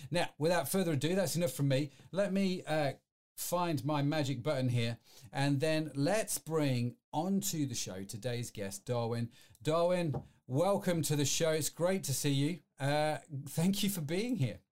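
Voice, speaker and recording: A man's voice: on the high side, unhurried, a little mellow. A man hosting a live-streamed podcast, chatty and rambling, full of fillers and restarts. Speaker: podcast host.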